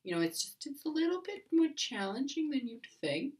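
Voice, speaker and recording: A woman rambling through a comedic vlog monologue, repeating herself, swearing and often dropping to a hushed half-whisper, recorded at home on a computer's built-in mic. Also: sits high, sing-song, moderate pace. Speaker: comedic vlogger playing a mother. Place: home, indoors.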